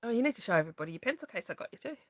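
A woman's voice: mid-range voice, big pitch swings, rapid-fire, no room sound, poor audio. A woman chatting casually as a craft vlogger at home, laughing easily and teasing. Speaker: craft vlogger showing a haul. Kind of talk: casual chat.

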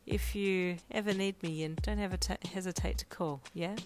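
A cocky young male hero with wings, teasing and sure of himself, as a woman reads him. He talks with a playful edge that softens into low, gentle reassurance. The voice sits on the lower side. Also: fairly even intonation, normal speed, background noise, natural voice. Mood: soothing.

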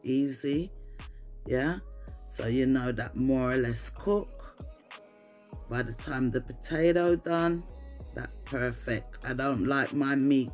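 Soft background music accompanies this cooking vlogger, a Jamaican woman who chats in patois-laced English while demonstrating a recipe at home. Her voice is very deep, slow, and darkish.

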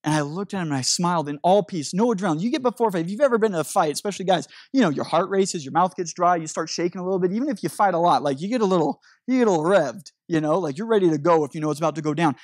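Guy preaching, fairly high voice, dry sound, keeps restarting his sentences. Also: very fast, few pauses, no echo. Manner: animated storytelling with restarts. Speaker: pastor. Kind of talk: sermon.

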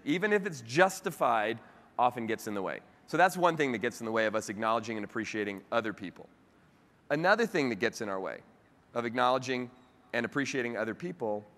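A man giving a motivational keynote speech, telling stories with animated asides to the audience. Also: medium pitch. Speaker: keynote speaker. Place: large convention hall. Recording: long hall reverb.

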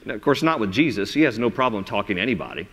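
A man preaching a sermon as pastor, telling the story in an animated way and acting out the voices. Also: fairly low pitch, racing. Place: large church sanctuary. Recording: reverberant church sanctuary.

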